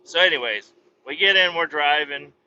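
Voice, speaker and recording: A male podcast host rambles through a story, swearing freely and making sarcastic asides. His voice sits a little high and sounds very bright and cutting. The audio is dull and lo-fi, with faint noise behind it. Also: normal speed, smooth. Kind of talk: casual comic storytelling.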